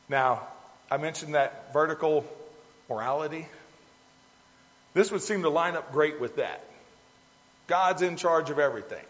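In a dull lo-fi recording filled with long hall reverb, a man gives a folksy, conversational sermon and talks to the congregation as folks. His fairly high voice has lively intonation and a moderate pace, broken by long pauses.

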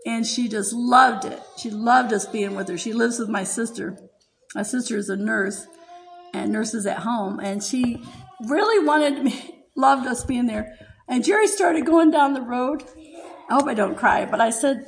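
A woman's voice: a little high, measured pace, creaky, slight background noise, low-quality recording. An older American woman preaching, giving an emotional testimony and often laughing as she speaks. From United States. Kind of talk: heartfelt sermon testimony.

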